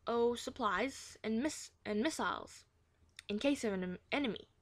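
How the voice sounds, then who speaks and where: A woman's voice: fairly high pitch, normal speed, dry recording, natural voice. A woman voicing a matter-of-fact young boy in a children's story read aloud.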